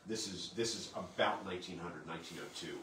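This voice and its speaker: A man's voice: sits low, quick pace. A man, a museum historian, giving a conversational public history lecture with slides, posing and answering his own questions. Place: lecture room at a historic site. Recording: roomy sound from a distant mic with faint background noise.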